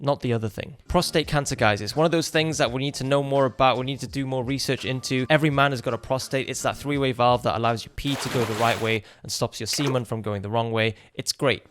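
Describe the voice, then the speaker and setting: Joking british doctor reacting to a cartoon. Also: male voice, mid-range voice, a bit bright. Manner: jokey, sarcastic, upbeat. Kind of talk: casual reaction commentary. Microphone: USB dynamic mic.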